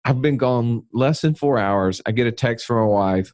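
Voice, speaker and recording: A man with a Southern US accent co-hosting a podcast, telling jokey, animated stories in casual chat. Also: mid-range voice, moderate pace, dry recording. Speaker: podcast co-host.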